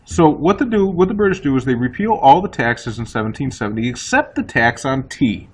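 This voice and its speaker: A man teaching history in a casual, chatty way, often voicing quick asides for the people he talks about. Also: mid-range voice, very animated, slight background noise, rough recording. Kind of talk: recorded classroom lecture.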